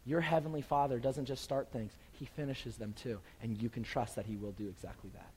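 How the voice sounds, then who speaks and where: A man preaching a sermon as pastor, swinging from urgent, raised emphasis to quiet, soft reassurance. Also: medium pitch, steady tone, a little fast, breathy edge, long reverb tail, poor audio.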